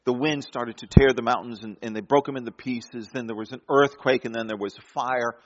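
A man preaching a sermon in a mid-range voice, with a dramatic delivery that rises to loud emphasis and drops to near-hushed tones. The recording sounds a little dull and muffled. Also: mid-range voice, fairly even intonation, a little fast.

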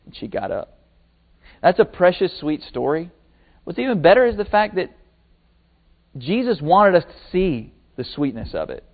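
A man preaching a sermon, retelling a story with lively acted-out quotes. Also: high-pitched, normal speed. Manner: animated storytelling, acting out quotes. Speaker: pastor. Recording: tinny phone-like sermon recording.

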